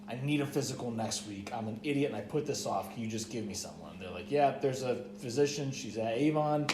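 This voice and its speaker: A man's voice: mid-range voice, a little mellow, a little hiss or hum. A young man in casual podcast chat, spinning a long rambling story in a mid-range voice. He swears freely and leans on "like" every few words. His voice bounces around an echoey room. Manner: rambling, profane, heavy use of "like". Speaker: podcast co-host.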